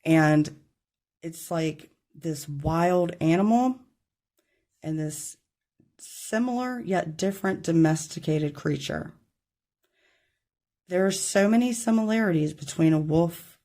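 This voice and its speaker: This tarot reader's voice sits low and sounds dark. She offers a casual reading straight to her camera, captured on its mic, drifting chattily from point to point and apologizing when she trips over her words.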